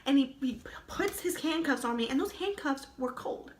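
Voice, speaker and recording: A woman's voice: high-pitched, animated, moderate pace, a little hiss or hum. A young woman telling a personal story in a casual vlog, chatty and full of "like", with laughing asides. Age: young adult. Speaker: vlogger. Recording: roomy echo.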